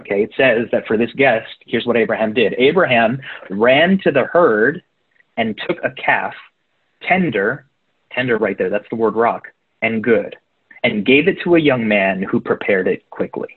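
A man's voice: mid-range voice, lively intonation, normal speed, slightly rough. Conversational preacher man on a tinny line. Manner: conversational, addresses listeners directly. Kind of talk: sermon. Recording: tinny phone-like recording.

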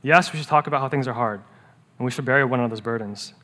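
A man preaching a sermon as pastor, earnest, rising to emphatic peaks and dropping to hushed, quiet lows. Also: fast talker. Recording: long reverb of a church hall.

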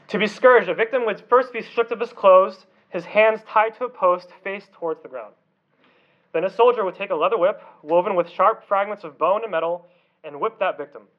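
A man with a high, bright voice preaching a sermon with fervent intensity. He pushes key words out loudly, then lets phrases sink into low, hushed endings. The recording sounds a little dull. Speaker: pastor.

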